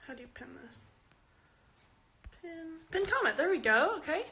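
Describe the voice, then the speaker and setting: A woman's voice: extremely high pitch, sing-song, normal speed, heavy background noise. A fourteen-year-old girl from Canada, a young actress, chatting casually and giggling as she reads fan questions aloud on a phone live stream. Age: teens. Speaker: actress answering fans. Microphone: phone at arm's length.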